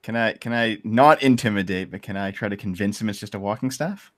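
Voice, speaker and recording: A man's voice: on the low side, fairly quick. Mild, hesitant tabletop player man. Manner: mild, hesitant speech with restarts. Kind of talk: casual tabletop game chat.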